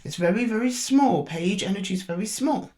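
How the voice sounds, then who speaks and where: Woman, tarot reader, casual thinking-aloud delivery to camera, halting, mid-pitched voice. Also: lively intonation, dark tone. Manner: talks to the zodiac sign directly, thinking aloud; hesitant, with frequent restarts while drawing cards.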